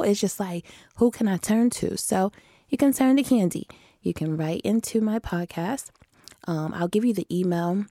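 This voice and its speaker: A woman's voice: on the low side, gravelly, dark tone, dry recording, clean studio sound. A woman in her thirties from the northern US, hosting her own podcast in a chatty, slangy, confiding way, laughing often. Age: 30s. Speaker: podcast host. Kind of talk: casual solo podcast chat.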